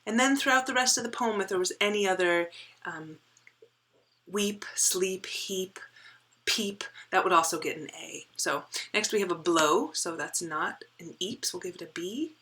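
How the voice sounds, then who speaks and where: A woman teaching a poetry lesson, explaining step by step and often checking in with "right?", dropping to a soft whisper as she reads lines aloud. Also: lowish voice, moderate pace, rough recording. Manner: drops to a soft whisper while reading and counting. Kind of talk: poetry lesson with board work.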